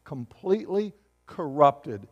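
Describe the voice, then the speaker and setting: A middle-aged male pastor preaching a sermon, telling stories and swinging between loud bursts and hushed asides. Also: on the high side, very animated, slow, highs cut off. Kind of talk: sermon with storytelling. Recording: long hall reverb.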